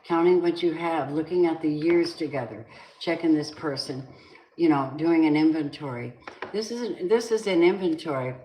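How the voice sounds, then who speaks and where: Low-voiced woman reading tarot, echoey room. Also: moderate pace, dark tone. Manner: blunt, swearing, flares up into angry venting. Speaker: tarot reader. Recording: echoey room with faint noise.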